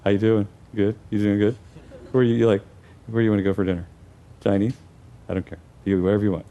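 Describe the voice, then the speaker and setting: An anxious, people-pleasing new partner, as a male speaker puts him on, flustered and overly accommodating. He speaks much lower and softer than the speaker's usual voice. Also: moderate pace, husky, muffled recording. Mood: eager, flustered.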